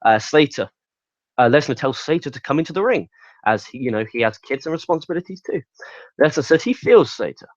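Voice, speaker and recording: A man's voice: a little high, expressive, brisk, no echo, highs cut off. A man reviewing a wrestling show in casual solo commentary, talking bluntly and profanely with open exasperation.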